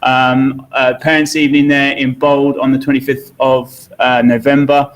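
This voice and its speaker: A man's voice: medium pitch, little pitch movement, normal speed, muffled recording. Hesitant man with lots of ums. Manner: hesitant, many ums and uhs. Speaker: teacher. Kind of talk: school presentation to parents. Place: school hall.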